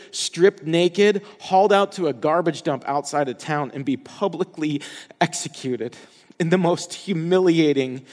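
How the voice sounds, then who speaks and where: A man preaching a passionate sermon as pastor, dropping to hushed tones for quoted words. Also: a little high, big-room sound.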